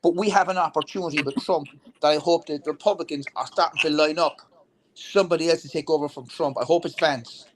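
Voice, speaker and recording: A man's voice: on the high side, fairly even intonation, fast. Blunt, swearing man with light noise. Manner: blunt, repetitive, swears, many restarts. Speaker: veteran political talk show guest. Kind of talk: heated political talk.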